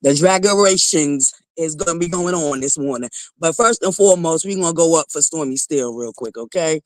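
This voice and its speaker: A woman hosting a casual morning livestream, excitedly greeting viewers by name and chatting in a lively way. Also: deep voice, a little fast, no room sound. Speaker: host of a morning talk stream.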